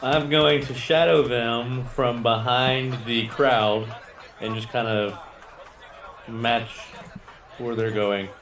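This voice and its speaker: Male player, relaxed and questioning, echoey room. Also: mid-range voice, slow pace, some chatter behind. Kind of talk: casual chat.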